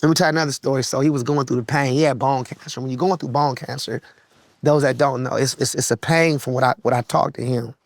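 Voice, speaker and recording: A man from Los with a gravelly voice, telling a personal story bluntly and candidly in an interview. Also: mid-range voice, steady tone, fast, dry recording, clean studio sound. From Los Angeles, USA. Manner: blunt, profane, heartfelt, slips into voices when quoting. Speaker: guest musician and producer.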